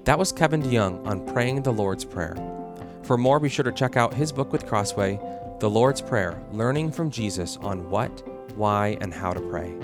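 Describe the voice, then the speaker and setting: Male podcast host, lowish voice, measured, guitar music plainly under him. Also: animated. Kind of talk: interview and outro.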